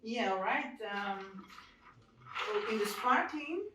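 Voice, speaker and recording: Lady explaining wines, slow careful english, far from the mic, echoey room. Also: on the high side, expressive, noisy background. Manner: explanatory, halting non-native phrasing. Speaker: wine store owner. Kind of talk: explaining wine regions. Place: wine store, indoors.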